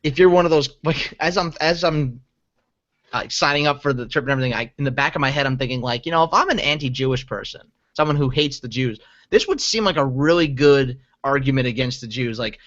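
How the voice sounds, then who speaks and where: A man's voice: medium pitch, a little fast, a bit bright, lo-fi sound. A man co-hosting a podcast in casual chat, telling a rambling story full of restarts. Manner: rambling, self-interrupting storyteller. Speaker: podcast co-host.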